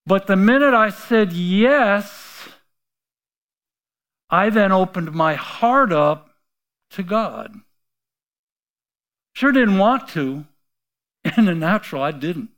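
A middle-aged man preaching a sermon, telling a personal story and acting out the quoted voices, swinging between quiet asides and loud outbursts. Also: sits high, expressive, slow, long pauses. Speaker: pastor.

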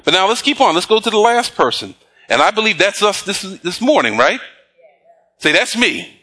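A man preaching a sermon, reading scripture slowly and pausing to prompt the congregation with call-and-response questions. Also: high voice, sing-song, bright, forceful tone. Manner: slow emphatic scripture reading. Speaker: pastor.

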